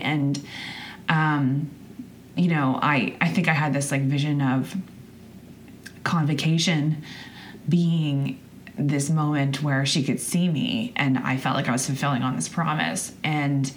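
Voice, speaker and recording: A young woman with a strikingly deep voice hosts her own podcast in a loose, personal monologue. She rambles candidly, restarts her sentences and swears now and then. A faint noise sits underneath the recording. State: choked up. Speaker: podcast host.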